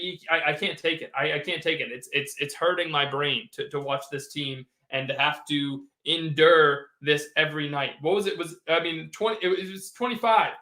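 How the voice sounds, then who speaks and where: Hosting a postgame sports livestream, a man with a high, sharp voice reads viewers' chat and rants in an exasperated, sarcastic way. The recording has a roomy echo.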